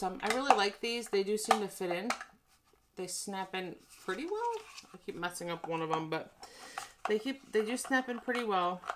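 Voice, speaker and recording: Woman vlogger, lowish voice, tired and cranky, rambling haul review, noisy room with crinkling. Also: vocal fry. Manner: cranky, ranting, self-deprecating asides. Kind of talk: casual chat.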